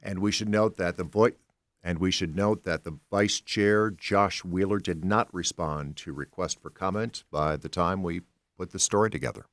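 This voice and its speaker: A man hosting a public radio news program, reading the day's stories in a measured, conversational delivery from a studio microphone. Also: sits low, no echo. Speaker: news host.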